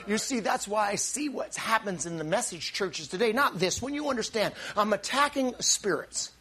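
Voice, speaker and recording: A man preaching a sermon in an animated, storytelling way, repeating words and bursting into shouts for emphasis. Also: sits high, moderate pace.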